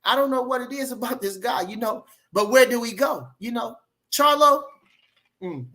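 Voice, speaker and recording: A man's voice: very high-pitched, lively intonation, moderate pace, bright, forceful tone. A man in casual opinion talk on boxing, emphatic, repeating phrases and firing off rhetorical questions. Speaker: boxing commentator.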